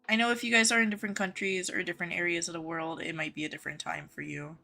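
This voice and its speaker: Bright-voiced young woman streamer chatting. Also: fairly low pitch, steady tone, quick pace, vocal fry, soft background music. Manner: friendly, greets chatters by name, chatty. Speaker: game streamer. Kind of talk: casual live-stream chat reading viewer comments. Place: home office.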